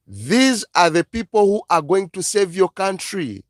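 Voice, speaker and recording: A man's voice: on the high side, big pitch swings, unhurried, few pauses, no room sound, studio quality. A man from Africa with an African accent, delivering an impassioned live-stream monologue full of emphatic, repeated exhortations. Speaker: online channel host.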